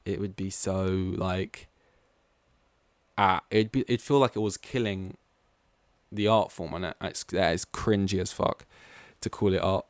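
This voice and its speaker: Man from east london, casual solo podcast talk, rambling with lots of fillers, somewhat low voice, dry recording. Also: steady tone, unhurried, dry recording. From East London, England. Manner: rambling, goes off on tangents, heavy use of "like". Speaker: podcast host.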